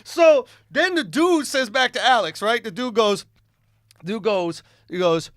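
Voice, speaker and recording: A man in his thirties telling a long story on a podcast, animated and laughing, jumping between low asides and high excited bursts. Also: a little slow, no echo, studio quality. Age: 30s. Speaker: podcast co-host.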